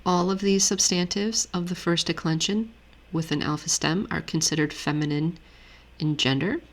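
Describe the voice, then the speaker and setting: A woman with a low voice teaches a grammar lesson. She explains each point in a steady, methodical way, and her voice has a gravelly edge. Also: moderate pace. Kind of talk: screen-share lesson walkthrough.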